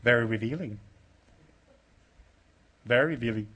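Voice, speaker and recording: A man's voice: medium pitch, expressive, brisk, a bit bright. A middle-aged man giving an informal Dharma talk as a Buddhist teacher, teasing and jokey in blunt short phrases.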